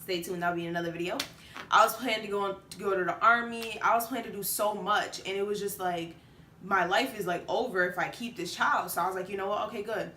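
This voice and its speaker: A woman's voice: mid-range voice, fast, sharp tone, a little hiss or hum. Chatty teenage girl, echoey room. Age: late teens. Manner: chatty, many fillers. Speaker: vlogger. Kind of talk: casual storytelling to camera.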